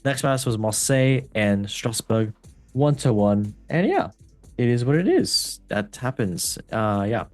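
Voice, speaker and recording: A man's voice: mid-range voice, sing-song, measured pace, a little mellow, dry recording, faint music behind. A man hosting a casual football podcast who reads results in an upbeat, breezy way and often falls back on stock phrases. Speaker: host.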